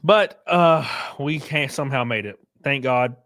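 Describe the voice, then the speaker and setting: A man's voice: medium pitch, unhurried, a bit bright. A man chatting loosely on a live stream, swearing freely and thanking viewers by name. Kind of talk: casual live-stream chat.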